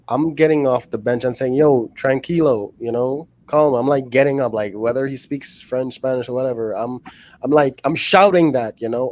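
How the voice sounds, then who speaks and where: A man's voice: medium pitch, dark tone. A man hosting a casual football podcast, talking in a rambling, heated way full of "like" and "you know". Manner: rambling, filler-heavy, heated. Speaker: podcast host. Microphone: podcast mic.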